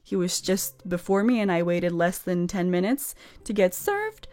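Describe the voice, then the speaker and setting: A woman's voice: lowish voice, expressive, moderate pace, darkish tone. A woman reading stories aloud and adding chatty, sarcastic commentary of her own. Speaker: story narrator.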